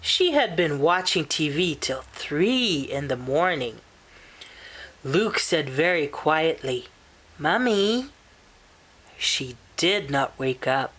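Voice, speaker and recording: Slow, expressive woman reading a storybook. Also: low-pitched, husky. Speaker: storybook reader. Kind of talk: reading a children's picture book aloud.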